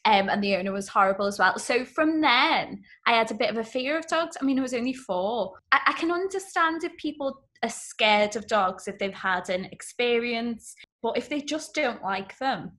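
Bright-voiced, blunt young woman. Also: on the high side, lively intonation, moderate pace, hardly any pauses. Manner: emphatic and blunt, with frank swearing. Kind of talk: casual chat.

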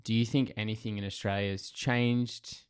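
Very deep-voiced relaxed male host. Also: moderate pace, clear, resonant tone. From England. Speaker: podcast host. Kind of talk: casual interview conversation.

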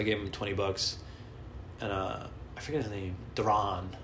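Man, casual vlogger, rambling and self-mocking, bright tone; roomy recording with faint ambience. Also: fairly low pitch, steady tone, fast talker, a little hiss or hum. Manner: rambling, profane, self-deprecating. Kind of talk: casual storytelling.

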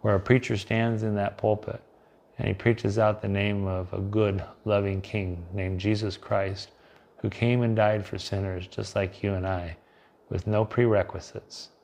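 A man delivering a devotional sermon with a gravelly, low-set voice. He speaks earnestly, swelling loud on key phrases and then sinking to a soft, hushed tone. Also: flat delivery, unhurried. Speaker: preacher.

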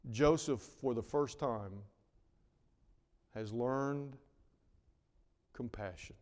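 A man preaching a sermon, swinging between loud emphatic lines and hushed, drawn-out words. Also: on the high side. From North Carolina. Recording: long reverb of a large hall.

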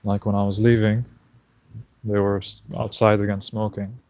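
A man's voice: lowish voice, flat delivery, moderate pace, darkish tone, lo-fi sound. A man talking to himself on a night walk outdoors, recounting a story in a reflective, casual monologue. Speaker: vlogger.

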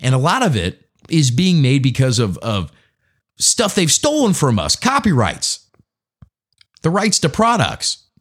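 A man's voice: medium pitch, huge pitch swings, measured pace, husky. An American man hosting a podcast, delivering a profane, conversational opinion rant. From United States. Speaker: podcast host. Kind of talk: opinion monologue.

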